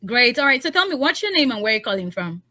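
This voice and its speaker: Bubbly high-voiced Nigerian radio hostess. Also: female voice, sing-song, pushed and bright. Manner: bubbly, laughs often, teasing callers; repeats phone numbers slowly and clearly. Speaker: radio call-in host. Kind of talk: live radio call-in game.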